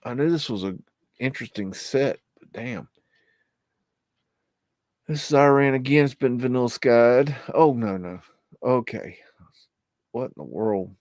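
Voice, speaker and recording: A man in the middle of his pitch range, rambling through a live commentary in a hesitant, easily rattled way. He trails off, restarts and mutters curses under his breath. His voice is close and dry, with no room echo. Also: measured pace, pauses often, darkish tone. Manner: swearing, muttered exclamations. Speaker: livestream host. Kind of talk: live commentary on archive photos.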